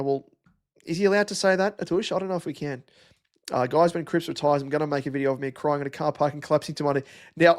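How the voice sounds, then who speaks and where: Chatty Australian man, gravelly voice. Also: on the high side. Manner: rambling, chatty, many fillers and restarts. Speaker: livestream host. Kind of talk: casual live chat reading comments.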